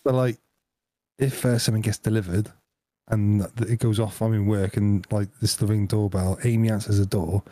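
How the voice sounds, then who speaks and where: A man's voice: on the low side, fairly even intonation, moderate pace, dark tone, no room sound. A man co-hosting a casual podcast chat in an easygoing way, asking friendly questions. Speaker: podcast co-host.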